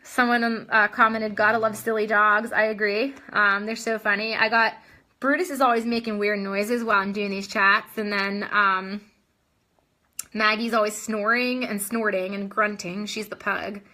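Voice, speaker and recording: A woman's voice: medium pitch, flat delivery, normal speed, sharp tone. A young adult woman hosting a casual live video chat, answering viewer comments in a chatty way full of ums and restarts, a little short of breath.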